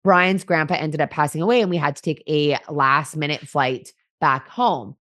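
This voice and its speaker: Casting: female co-host, lower voice, casual and talkative, dry close recording. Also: moderate pace, a bit bright, dry recording. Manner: chatty, filler-heavy. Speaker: podcast co-host, host's partner. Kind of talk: casual chat.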